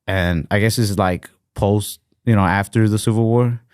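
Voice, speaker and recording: A man with a lowish voice chats loosely as a podcast co-host, hedging and circling back with fillers. He swears casually and trails off often. The sound is dry and close. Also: steady tone, normal speed, no echo. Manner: rambling, profane, hesitant with many fillers.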